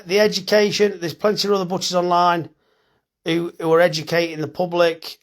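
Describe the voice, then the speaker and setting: A blunt, chatty middle-aged man talks off the cuff on a phone live stream, reading out viewers' comments as they come in. His voice sits a little high for a man, and he swears easily in a friendly way. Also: flat delivery, brisk. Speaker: farmer and butcher hosting a live stream.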